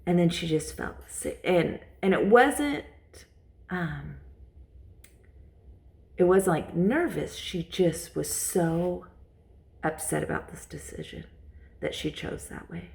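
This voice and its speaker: A woman's voice: on the low side, animated, slow pace, creaky, pauses often, a little mellow. A woman vlogger telling a personal story in a casual, rambling way, repeating herself and using lots of fillers.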